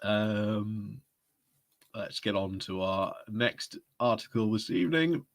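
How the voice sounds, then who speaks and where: A man's voice: lowish voice, slow pace. A man hosting a casual live stream, chatty and often breaking into laughter as he talks. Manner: giggly, chatty, often laughing mid-sentence.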